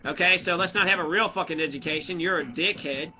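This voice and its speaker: A man's voice: on the high side, brisk, hardly any pauses. A man who is a student, in a profane, heated and confrontational ranting monologue. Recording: dull lo-fi audio with faint music.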